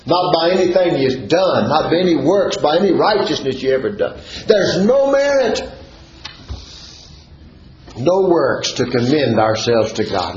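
A man's voice: fairly high pitch, big pitch swings, a little slow, a little mellow, a little hiss or hum. A man preaching a sermon, reading scripture and explaining it verse by verse with fervent, sing-song exclamations. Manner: reads and expounds scripture verse by verse. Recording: dull, echoey church recording.

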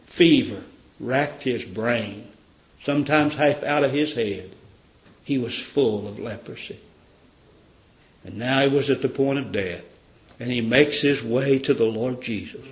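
A man's voice: medium pitch, a little slow, pauses often, roomy sound, muffled recording. A man preaching a sermon, telling a story fervently with many rhetorical questions.

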